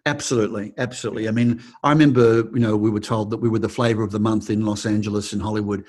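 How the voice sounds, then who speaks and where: With a lowish, breathy-edged voice and a fast pace, a middle-aged Australian acting teacher with an Australian accent responds to an interviewer. He's expressive, acting out anyone he quotes, and restarts his sentences often.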